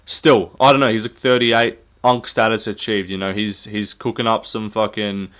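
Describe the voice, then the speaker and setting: A man's voice: fairly low pitch, level tone, moderate pace, a bit bright. A young man, rambling through jokey, sweary sports commentary and laughing at himself. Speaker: YouTube MMA commentator. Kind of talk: casual comedic commentary.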